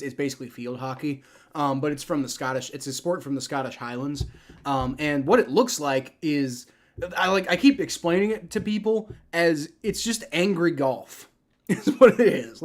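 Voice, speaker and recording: Rambling young man reacting to a live game. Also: a little high. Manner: rambling, many restarts and fillers. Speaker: livestream host. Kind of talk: casual live reaction and play-by-play.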